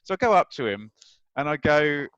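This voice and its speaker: A man in his thirties, on as a guest, tells stories with lively energy and acts out what people said. His voice sits a little on the high side. The sound is close and dry, with no room in it. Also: normal speed, smooth, no echo, muffled recording. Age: 30s. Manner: animated, acts out quoted lines. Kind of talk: anecdotal storytelling.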